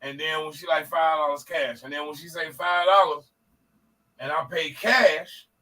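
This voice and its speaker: Podcast guy telling a story, high and gravelly, kinda far off the mic, cusses a lot. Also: moderate pace. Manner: animated, profane, acts out quoted voices. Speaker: podcast co-host. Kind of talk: casual storytelling.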